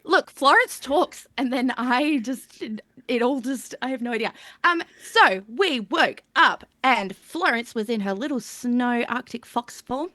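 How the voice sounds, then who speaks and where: Woman rambling through a game recap, voice a bit high, dry close sound, lots of and thens and giggles. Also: expressive, a little slow, bright, forceful tone, no room sound. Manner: rambling, strings of "and then", giggly. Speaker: player recapping the last session. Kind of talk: casual live-stream recap. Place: home streaming setup.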